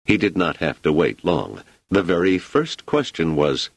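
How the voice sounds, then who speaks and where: A deep-voiced male narrator reading a novel with wide, animated swings of pitch. The recording is dry and close, with no room sound at all. He tells the story with expressive, scripted storytelling. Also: a little slow, few pauses, slightly rough, no echo. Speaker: audiobook narrator.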